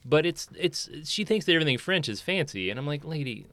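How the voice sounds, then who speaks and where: A man's voice: fairly high pitch, big pitch swings, quick pace, fairly bright tone, no echo. A man co-hosting a podcast in casual chat, telling stories in a wry, exasperated way. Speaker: podcast co-host.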